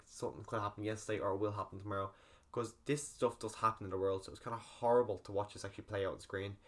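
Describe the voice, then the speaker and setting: A man's voice: on the low side, a bit bright. A man casually recapping a film's plot in a rambling spoiler review, full of fillers. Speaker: film reviewer.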